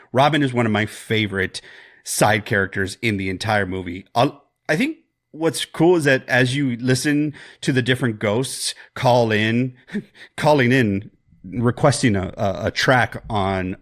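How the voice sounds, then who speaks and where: A man co-hosting a podcast, talking through a horror film in a rambling, animated way with jokes and swearing. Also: lowish voice, moderate pace. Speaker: podcast co-host. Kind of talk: casual film discussion.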